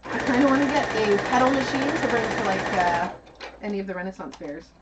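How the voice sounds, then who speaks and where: A woman guest explaining corset making in a giggly, animated way on a casual stream. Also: mid-range voice, a little fast. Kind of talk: casual demonstration chat. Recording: far from mic with loud machine and room noise.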